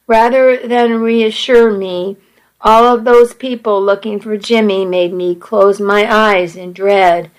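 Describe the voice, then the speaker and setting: A woman's voice: mid-range voice, steady tone, slow, clear, resonant tone, low-quality recording. A woman narrating a first-person story in an earnest, emotional way.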